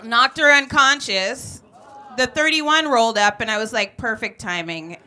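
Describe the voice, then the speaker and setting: A woman's voice: high-pitched, unhurried, bright, forceful tone, a little hiss or hum. A woman comedian from San Francisco telling a brash, profane story on stage at a live show. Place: bar venue stage before a live audience.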